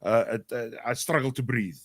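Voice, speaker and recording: A man's voice: medium pitch, normal speed, no room sound. Man, co-host, chatty, repeats words, mid voice, dry sound. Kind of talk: casual interview chat.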